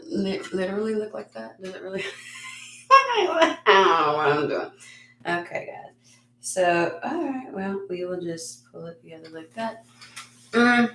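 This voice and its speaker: A woman hosting a casual tarot reading vlog, chatty and frank, swearing freely and laughing at herself. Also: lowish voice. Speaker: tarot reader and channel host. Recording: echoey room with faint noise.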